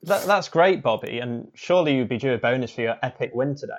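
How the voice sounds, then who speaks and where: A man's voice: medium pitch, expressive, quick pace. A man playing a hesitant, awkward post-match interviewer in a comedy sketch. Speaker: sports interviewer.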